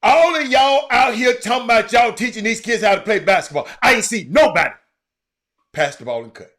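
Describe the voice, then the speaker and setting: A man rants as a show host, his voice pitched high and bright. He swings widely up and down as he gets exasperated. At times he breaks into hollering. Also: animated, a little fast. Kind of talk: ranting monologue.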